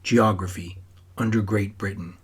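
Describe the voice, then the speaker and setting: A man's voice: lowish voice, fairly even intonation, normal speed, husky. A man voicing a curt, clipped woman librarian.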